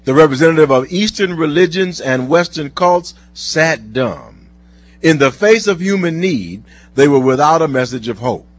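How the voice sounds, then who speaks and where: Male preacher, husky, lively pitch, earnest sermon delivery, lo-fi sound. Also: no echo. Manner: earnest, slowing down for scripture. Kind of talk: sermon with told stories and scripture reading. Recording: dull lo-fi recording.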